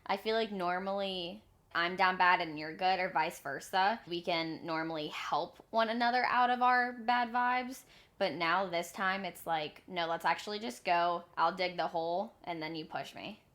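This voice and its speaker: A woman's voice: lowish voice, moderate pace, a bit bright. A woman in her twenties co-hosting a podcast, chatting casually in a blunt, self-mocking way with plenty of swearing. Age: 20s. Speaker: podcast co-host. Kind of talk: casual chat. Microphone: remote call.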